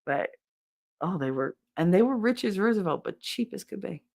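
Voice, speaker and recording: A woman's voice: medium pitch, animated, normal speed, creaky, a little mellow. A woman from the northern United States chatting casually on a livestream, telling a blunt, jokey, rambling family story. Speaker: streamer.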